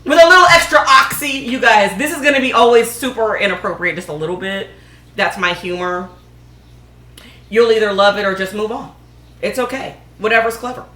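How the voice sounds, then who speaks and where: A woman's voice: mid-range voice, brisk, bright, forceful tone. A woman making laundry soap at home and chatting casually to viewers, joking as she works. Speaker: DIY vlogger. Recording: echoey room.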